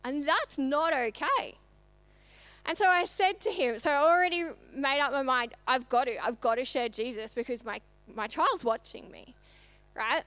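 A woman's voice: high voice, normal speed, a bit bright, dry recording. A woman, telling a story in a conversational church sermon. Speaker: church speaker. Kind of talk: sermon testimony.

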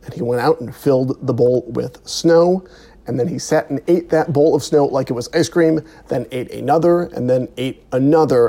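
Gravelly, mellow-voiced sports bettor guy. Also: medium pitch. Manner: crude, deadpan insults. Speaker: podcast co-host giving betting picks. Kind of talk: casual sports betting banter.

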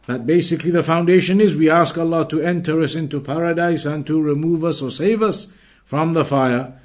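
A religious teacher gives an Islamic lesson, quickly reciting Arabic passages before explaining them patiently, repeating and rephrasing as he goes. His voice is on the high side and a little mellow.

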